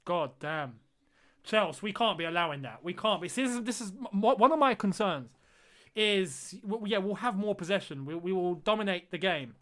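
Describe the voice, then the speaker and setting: A man's voice: high voice, lively intonation, normal speed, fairly bright tone. A man streaming a football watch-along, reacting live to the match and repeating phrases as he groans and exclaims at the play.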